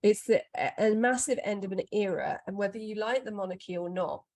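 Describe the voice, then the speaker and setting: A woman, talking in a relaxed podcast chat. Her pitch sits in an ordinary middle range, and she tells stories with lively, chatty animation. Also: brisk. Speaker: podcast co-host. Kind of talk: casual chat.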